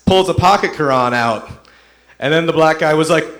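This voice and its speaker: A young man performing a stand-up comedy set, telling stories in a relaxed way and acting out the voices of the people in them. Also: on the high side, measured pace, long pauses. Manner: laid-back storytelling, acts out voices of people in his stories.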